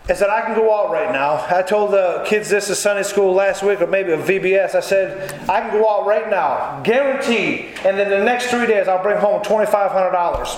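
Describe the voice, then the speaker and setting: High-voiced folksy preacher in an echoey hall. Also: male voice. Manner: folksy, conversational preaching with quick asides. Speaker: pastor. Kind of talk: sermon. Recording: very echoey church hall, faint room noise.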